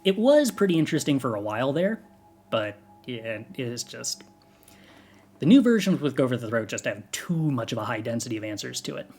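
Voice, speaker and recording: A man in mid-range pitch talks to his stream from a home setup, close on his microphone. He rambles loosely, asking himself questions and answering with wry, offhand remarks. The tone is casual and unscripted. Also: sing-song, fairly quick, darkish tone, breathy edge. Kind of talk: casual stream chat between singing warm-ups.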